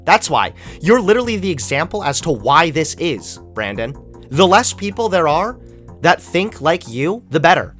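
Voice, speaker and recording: A man's voice: a little high, big pitch swings, normal speed, a bit bright, soft background music. A young man hosting a political commentary channel, ranting sarcastically with lots of swearing and mock outrage.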